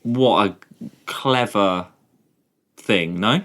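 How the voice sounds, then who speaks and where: A man in his thirties, co-hosting a podcast in casual chat, chatty and quick to laugh. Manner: chatty, laughing, lively pitch swings. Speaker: podcast co-host.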